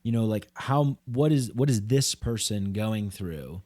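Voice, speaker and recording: A man's voice: lowish voice, expressive, a little slow, mellow, no room sound. A man hosting a podcast, talking in a loose, rambling way full of "like" and "you know". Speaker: podcast host. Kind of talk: casual conversation.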